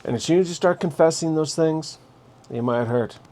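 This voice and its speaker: A man's voice: fairly high pitch, normal speed, a little mellow, a little hiss or hum. A man hosting a casual advice monologue, speaking bluntly and directly and telling listeners what to do. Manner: blunt, direct, giving orders. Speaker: host.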